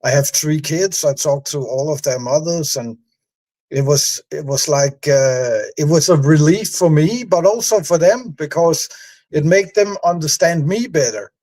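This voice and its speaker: A man with Danish as his first language, co-hosting a podcast and speaking haltingly about going to recovery meetings. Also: a little high, a little mellow. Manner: halting, hesitant, with frequent fillers. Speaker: podcast co-host. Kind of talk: candid recovery talk.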